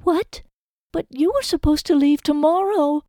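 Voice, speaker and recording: A woman's voice: high voice, a little slow, warm tone, dry recording, studio quality, pitched above the performer's own voice. A woman voicing a tearful young woman in love. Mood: shocked. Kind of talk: audiobook character voice.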